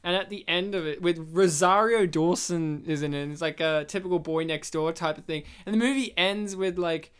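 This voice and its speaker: A woman's voice: on the low side, brisk, few pauses, clean tone. Chatty woman podcast host. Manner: chatty, laughs often, animated storytelling. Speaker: podcast host reviewing a movie. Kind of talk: casual chat.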